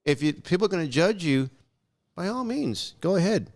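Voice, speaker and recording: A young adult man with a high-pitched voice talks at normal speed as a guest on a podcast. In casual conversation he tells stories bluntly with profanity, acting out the dialogue in an animated way.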